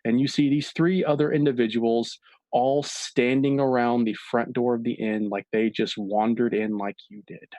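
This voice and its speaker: A man's voice: medium pitch, moderate pace, no echo. Dry-voiced male game master narrating. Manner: descriptive and relaxed, with filler words. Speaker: dungeon master.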